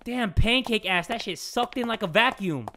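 A young man doing let's play commentary on a horror game, excitable, joking crudely and yelling at sudden scares. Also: sits high, moderate pace, background noise. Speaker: gaming YouTuber.

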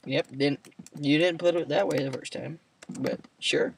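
A man's voice: on the high side, a little slow, vocal fry. A man trading dry, sarcastic comebacks during a casual gaming session. He sounds set back from the mic, with a faint hiss underneath. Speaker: co-player. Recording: distant mic with faint noise.

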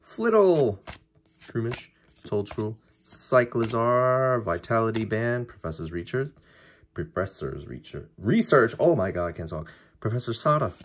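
A man casually talking through a card-opening video, chatty and excitable as he reacts to each pull. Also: mid-range voice, measured pace, slight background noise.

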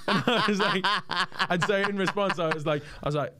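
A young man, a podcast guest telling a story in casual chat, animated and often laughing. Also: sits high, normal speed.

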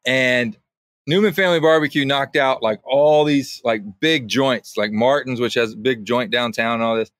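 A man guesting on a podcast in casual conversation, an animated storyteller who drops his voice when quoting others. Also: mid-range voice, normal speed, no room sound, studio quality.

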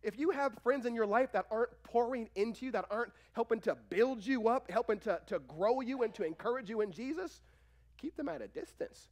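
Man preaching, high-pitched, very animated pitch, pastor. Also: a little fast. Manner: animated preaching, acts out quoted voices. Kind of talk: sermon. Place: church sanctuary.

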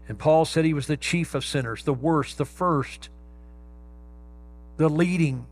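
A male pastor preaching a sermon, stressing key words slowly and emphatically. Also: mid-range voice, a little hiss or hum.

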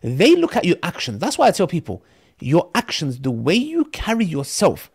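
A man, a podcast guest who tells lively stories and acts out the voices in them. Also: a little high, normal speed, vocal fry, breathy edge. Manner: animated storyteller, acts out quotes.

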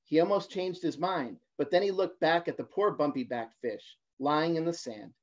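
A man in his forties, a guest reader, reading a children's picture book on a livestream, halting at times with fillers and restarts. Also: a little high. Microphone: phone or laptop for a livestream. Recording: dull lo-fi livestream audio.

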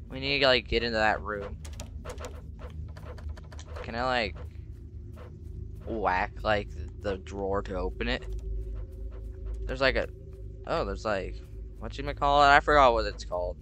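Young guy, chatty horror gameplay, bright voice, yells a lot. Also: lowish voice, a little hiss or hum. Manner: jumpy, chatty, prone to sudden shouts. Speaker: gamer. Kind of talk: casual gameplay commentary.

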